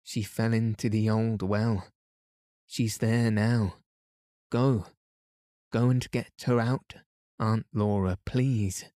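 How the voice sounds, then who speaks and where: A man reading aloud and voicing a delirious young girl who pleads in a fever, speaking softly and slowly. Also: on the low side, steady tone, dry recording, studio quality. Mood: pleading.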